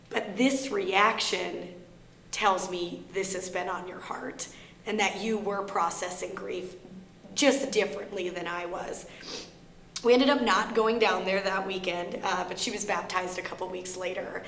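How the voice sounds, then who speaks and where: A woman's voice: mid-range voice, steady tone, unhurried, a bit bright. A woman with a Minnesota accent, speaking to a library audience in a candid, earnest way, sharing a personal story. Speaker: guest speaker on grief. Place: library meeting room. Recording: echoey room with faint hum.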